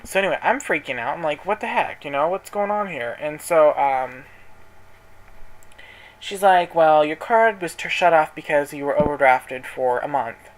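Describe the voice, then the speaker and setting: In a casual vlog shot on a camera in front of him, a man with a slightly high, expressive voice tells a story at normal speed while folding clothes at home. He's chatty and sassy, quoting people dramatically, though the audio quality is poor.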